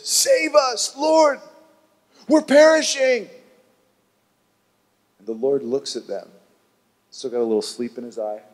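A man preaching a sermon, telling a Bible story in an animated way and acting out the voices of its people. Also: a little high, in a large hall. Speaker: pastor.

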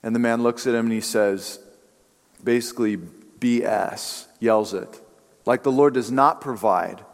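A man's voice: medium pitch, moderate pace, in a large hall. A male pastor giving a sermon in a conversational, storytelling way, with casual fillers.

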